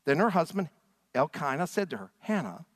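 A man's voice: fairly high pitch, very animated, normal speed, no echo, clean studio sound. A man preaching a sermon from a church stage, earnest and emphatic. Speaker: pastor.

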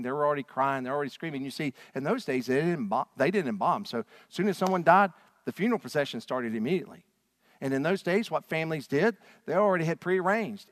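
A man preaching a sermon as a pastor, swinging from loud, fervent passages to hushed ones. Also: on the high side, no echo.

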